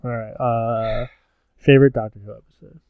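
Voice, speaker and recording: A man's voice: mid-range voice, flat delivery, smooth, no room sound, phone-quality sound. A young American man hosting a podcast, chatting casually and joking, with frequent "um" fillers. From United States. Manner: joking, fills pauses with "um". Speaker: podcast host.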